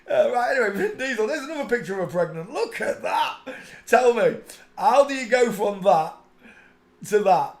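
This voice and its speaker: This streaming channel host has a very high voice with big pitch swings, a moderate pace, and some vocal fry. He mocks the photos he's looking at during his live stream, repeatedly bursting into giggling laughter in this comedic commentary.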